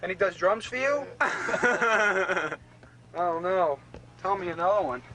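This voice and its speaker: A man's voice: high voice, slow pace, background noise. A man from a band's road crew, sitting on a tour bus and telling a laughing, profane anecdote to the camera. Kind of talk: casual storytelling to camera.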